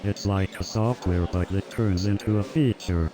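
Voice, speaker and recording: A man's voice: on the low side, moderate pace. A synthetic man's voice telling a stand-up comedy routine, rattling off one-liners with chuckles. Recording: loud crowd and music behind.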